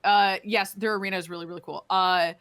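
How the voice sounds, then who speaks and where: Bright-voiced woman ranting about hockey. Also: mid-range voice, steady tone, quick pace, clear, resonant tone. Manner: profane, fired-up ranting. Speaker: podcast co-host. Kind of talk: casual hockey chat.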